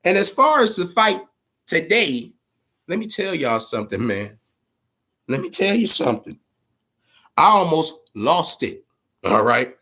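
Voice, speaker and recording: A man's voice: on the high side, measured pace, long pauses. A man hosting a casual boxing talk show, rambling and swearing as he tells fight gossip. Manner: profane, rambling, animated. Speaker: host.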